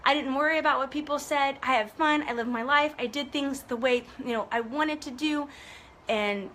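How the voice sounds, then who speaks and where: Bright-voiced woman giving a motivational live chat. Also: high voice, normal speed, slight background noise. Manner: earnest, motivational, chatty with viewers. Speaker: online business coach. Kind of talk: casual live video chat.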